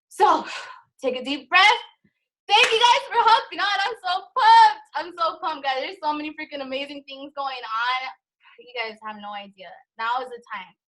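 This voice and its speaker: A woman's voice: fairly high pitch, fairly bright tone, poor audio. A woman in her thirties leading a motivational training call, emotional and rambling, with a fired-up pep-talk manner. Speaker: team leader of a sales business. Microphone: call recording.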